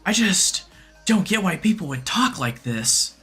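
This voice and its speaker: A man putting on a breathy, soft-spoken young e-boy voice to mock it, slow and airy. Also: sits high, sing-song, faint music behind, voice pushed up, full character voice. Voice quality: breathy, drawn-out.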